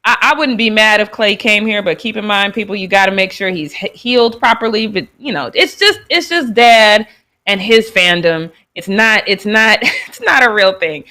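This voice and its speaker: Bright-voiced woman hosting a chatty sports show. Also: medium pitch, normal speed. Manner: chatty, reacting to clips with frequent laughter. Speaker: host. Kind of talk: casual commentary on sports news.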